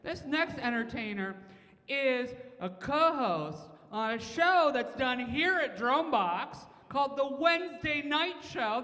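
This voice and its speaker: A show host hyping up the crowd and introducing the next comedian on stage. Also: high voice. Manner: hyped, shouting to the crowd. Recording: live room with long echo and crowd.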